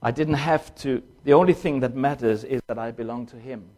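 An older man, a former pastor and missionary, giving a personal testimony in an emotional, halting way, in short phrases. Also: mid-range voice, dark tone.

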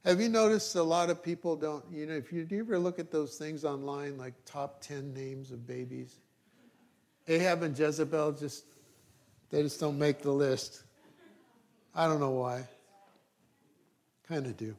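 A man's voice: fairly high pitch, steady tone, moderate pace, pauses often, darkish tone. A middle-aged male pastor preaching a sermon, reading scripture and adding dry joking asides.

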